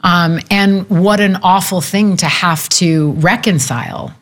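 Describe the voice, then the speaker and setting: A woman's voice: lowish voice, measured pace. A woman in her fifties talking as a guest in a candid conversation, reflective and earnest, laughing easily. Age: 50s.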